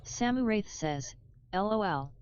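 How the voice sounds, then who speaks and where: A synthetic woman's voice reading viewers' chat messages aloud in a flat, mechanical way. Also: medium pitch, unhurried, clean tone, highs cut off. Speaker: text-to-speech chat reader.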